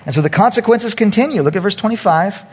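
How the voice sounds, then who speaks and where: A male pastor preaching a sermon, telling a funny story and acting out the quotes loudly. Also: high-pitched, animated, fast, slightly rough.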